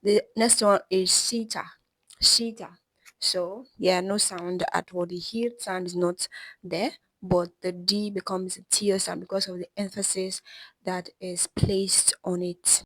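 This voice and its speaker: A woman giving a language lesson, explaining steadily and slowing down to sound out each example word. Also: on the low side, little pitch movement, fairly bright tone, no echo, rough recording. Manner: slows down to sound out example words. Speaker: language teacher.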